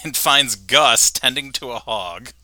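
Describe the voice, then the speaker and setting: Man, podcast host, casual recap, bright tone, lively pitch. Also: measured pace, dry recording. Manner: chatty, laughs often. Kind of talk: casual chat, recapping an episode.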